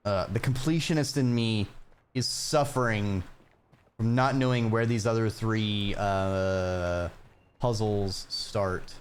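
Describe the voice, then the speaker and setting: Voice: medium pitch, slow pace, slight background noise. A streamer rambling and joking to themselves during live gameplay commentary. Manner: rambling, joking self-talk.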